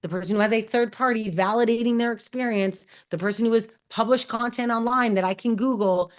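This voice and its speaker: A woman's voice: a little high, a little fast. Upbeat woman giving career advice. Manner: energetic, encouraging, calls out to the audience. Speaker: host. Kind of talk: Q&A advice talk.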